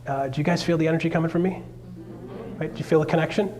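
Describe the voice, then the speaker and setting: A man, a realtor, giving an energetic, joking seminar talk on stage to a live audience. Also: fairly high pitch, very fast. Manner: energetic, joking, with sudden loud bursts.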